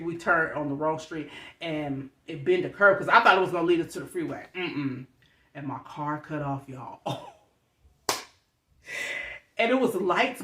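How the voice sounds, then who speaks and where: A young woman tells a story in a bright, forceful voice, chatty and animated as she talks to her viewers. The sound is roomy and echoey. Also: lowish voice. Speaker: vlogger.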